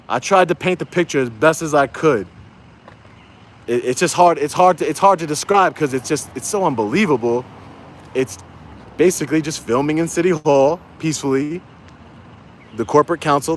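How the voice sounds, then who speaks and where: A man's voice: fairly high pitch, a little hiss or hum. Fired-up man ranting on a livestream. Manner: heated, repetitive, rallying his viewers. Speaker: YouTube auditor livestreaming. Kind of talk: angry livestream rant.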